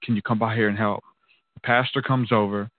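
A man's voice: on the low side, steady tone, fairly quick, no echo. Man telling a story over a tinny line. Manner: earnest, loose and conversational with fillers like "man" and "dude". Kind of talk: casual storytelling testimony. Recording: tinny phone-like line, dry.

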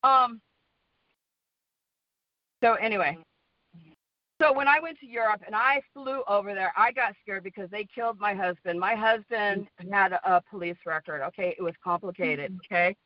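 A woman's voice: mid-range voice, no room sound, lo-fi sound. A woman from the United States with a Western American accent, calling in to a community prayer call, telling her story in a rambling way with many fillers and repeated "okay?"s, sounding exhausted. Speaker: caller. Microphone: phone line.

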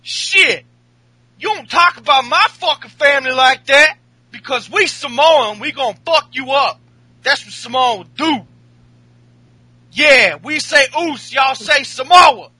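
A man doing a loud, hotheaded impression of a male pro wrestler making profane threats. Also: extremely high pitch, a little fast, hardly any pauses, no echo, voice pushed up, exaggerated voice. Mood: angry.

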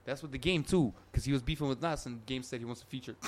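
A man trading hip hop talk as a podcast co-host, with a fast, excitable delivery. He swears freely, jumps in over his partner and piles on rapid asides. His voice sits at a middling pitch. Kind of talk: casual chat.

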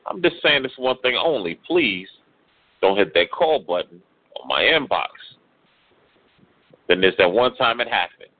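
A man's voice: medium pitch, very animated, measured pace, pauses often, dry recording. Man performing exasperated spoken word poetry. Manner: rhythmic, rhyming, exasperated delivery. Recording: tinny phone-like radio audio.

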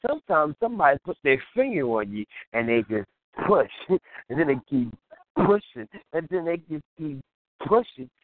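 Man, radio host, casual comedic monologue, laughing a lot, lively swooping pitch, tinny phone-line sound, dry. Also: normal speed, no echo. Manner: laughs often, acts out scenes in quoted voices.

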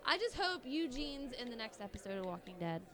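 A woman's voice: a little high, very animated, a little fast, a crowd in the background. A woman co-hosting a podcast, playful and giggly in casual chat. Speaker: podcast co-host.

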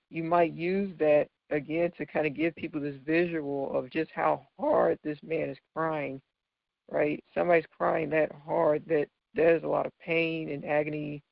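A man's voice: fairly high pitch, gravelly, no room sound. A man teaching figures of speech from scripture, patiently explaining and often checking in with "right?". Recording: dull lo-fi dry recording.

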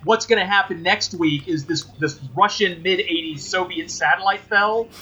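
Male podcast co-host, high bright voice, animated and profane. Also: normal speed, slightly rough, lo-fi sound. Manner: animated, swearing, stammering restarts. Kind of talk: casual podcast chat.

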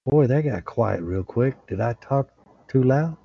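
A man sharing earnest testimony and prayer on a group call, fervent and excitable. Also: medium pitch, a little slow, vocal fry, breathy edge, no room sound. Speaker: call participant. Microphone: online group call. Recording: dull lo-fi call audio.

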